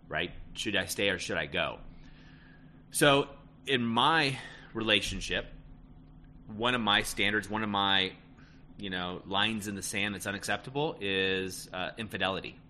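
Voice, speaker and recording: In a low voice with a bright, forceful edge, a man offers relationship coaching at a measured pace. His casual, emphatic delivery leans on "right?" tags and a recurring "end of story." The recording carries a little hiss or hum.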